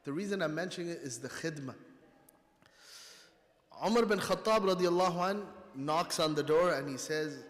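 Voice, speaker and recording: A man's voice: on the high side, normal speed, long pauses. Urdu-speaking man preaching in a reverberant hall. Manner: storytelling, conversational preaching. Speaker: guest speaker at a mosque. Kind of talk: sermon. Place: mosque hall. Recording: long reverb of a mosque hall.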